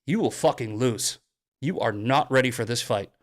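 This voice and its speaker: A man hosting a political monologue on a live stream, mocking his critics, swearing and shouting at points. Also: medium pitch, normal speed. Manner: angry, profane, shouting bursts. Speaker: host.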